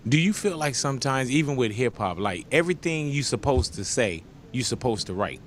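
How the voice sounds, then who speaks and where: A man hosting a casual interview, laid-back, asking questions and tossing in quick affirmations. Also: mid-range voice, expressive, slight background noise. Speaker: host.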